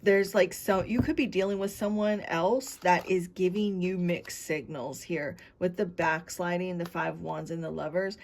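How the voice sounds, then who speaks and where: A woman's voice: lowish voice, fairly even intonation, normal speed, vocal fry, hardly any pauses. A woman giving a tarot reading to camera, meandering as she talks straight to her viewers. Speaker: tarot reader.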